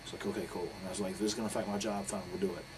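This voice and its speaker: A man speaks in a fairly low voice, words tumbling out quickly. He is blunt and profane as he recounts a heated personal story in a candid interview, with faint noise behind him. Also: level tone. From North Carolina. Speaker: interviewee, professional wrestler.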